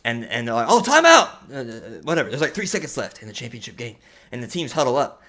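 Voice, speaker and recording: Young man, podcast co-host, storytelling, laughing, lively pitch. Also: fast talker. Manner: storytelling, laughing, many restarts. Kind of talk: casual chat.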